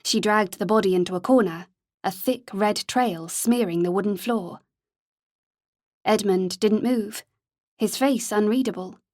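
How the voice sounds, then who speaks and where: Lady reading an audiobook, steady storytelling, dry no-room sound. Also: medium pitch, a little slow, no room sound. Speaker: audiobook narrator. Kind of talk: scripted audiobook narration.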